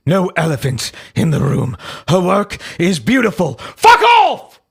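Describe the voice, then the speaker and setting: A man's voice: high voice, wildly swooping pitch, unhurried, gravelly, breathy edge, full character voice. A man reading a hot-headed British man's posts in a put-on British accent, furious and insulting. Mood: indignant. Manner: indignant, shouting insults.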